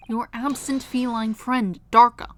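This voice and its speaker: A woman's voice: fairly high pitch, fairly even intonation, natural voice. A woman voicing a pompous, theatrical male detective who lectures grandly while reading game dialogue aloud. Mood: dramatic. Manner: grandiose, lecturing, dramatic pauses.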